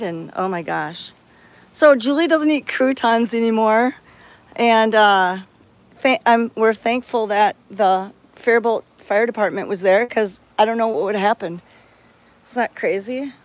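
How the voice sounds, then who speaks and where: A woman's voice: fairly high pitch, dry recording, dull audio. A woman chatting to her viewers outdoors at a cat sanctuary, telling a rambling story with frequent restarts.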